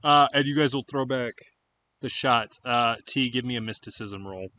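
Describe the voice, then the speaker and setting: A man guides his players through a scene as game master. He narrates loosely and descriptively, with lots of casual fillers. His voice sits at an ordinary pitch, with a light hiss in the background. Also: moderate pace, pushed and bright.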